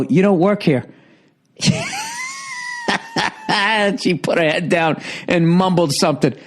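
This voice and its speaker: A man with a Boston accent ranting in a podcast monologue, swearing freely and sounding fed up. His voice sits a little high for a man, and he switches into quick impressions of the people in his story. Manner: profane, exasperated, mimics others in quoted dialogue. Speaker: comedian podcast host. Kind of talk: comedic rant, storytelling.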